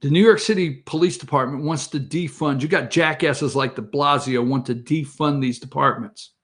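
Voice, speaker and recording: A man's voice: fairly high pitch, normal speed, a bit bright. A man hosting a morning show, giving heated, rambling political commentary straight to his viewers.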